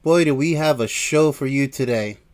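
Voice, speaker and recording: Man, mid-pitched voice, song review host, casual video monologue, rambling, digressive asides, halting with fillers. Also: darkish tone.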